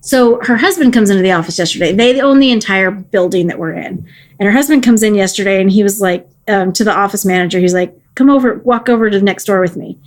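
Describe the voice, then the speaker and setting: A woman's voice: mid-range voice, quick pace. Tipsy woman in her forties, giggly podcast co-host, rambles and trails off. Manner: chatty, giggly, trails off mid-sentence. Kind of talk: casual chat.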